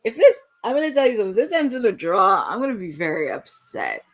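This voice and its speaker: A young woman hosts a live wrestling watch-along at a quick pace in a mid-range voice. Her commentary is excitable play-by-play that bursts into shouts at the big moments.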